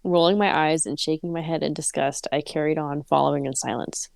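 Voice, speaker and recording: Low gravelly woman reading aloud. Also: fairly even intonation, fairly quick, no room sound. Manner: reads prose evenly, breaks off laughing and joking. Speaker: podcast co-host reading a story aloud. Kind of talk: casual read-aloud with chat.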